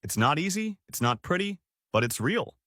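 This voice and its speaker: A man reading a first-person story aloud in a plain, steady storytelling tone. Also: on the high side, normal speed, no room sound, clean studio sound. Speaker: narrator.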